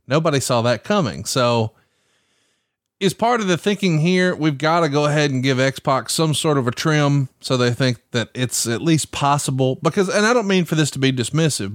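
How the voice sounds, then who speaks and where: A man's voice: mid-range voice, no room sound. Male podcast interviewer, teasing and chatty, dry close recording. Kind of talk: casual interview chat.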